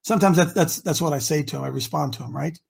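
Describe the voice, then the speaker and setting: A preachy male talk show host from Ohio with a husky voice. He talks emphatically, breaking out into shouts and then dropping low. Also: fast talker. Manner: emphatic and preachy, swinging between shouting and mutters.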